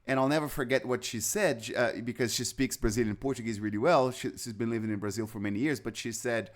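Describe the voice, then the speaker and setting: A male chess commentator calls moves on a live broadcast. His voice sits at a middle pitch, and he drifts into chatty anecdotes between the moves. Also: normal speed.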